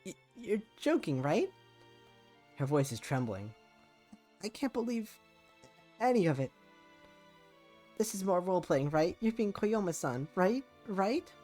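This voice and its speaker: A soft, timid young girl trembles and pleads in a raised, wavering voice, as a man puts her on. She sounds shy and easily wounded, a figure from a visual novel read aloud. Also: high-pitched, sing-song, measured pace, long pauses, soft background music, pitched above the performer's own voice, heavily acted. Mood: tearful pleading.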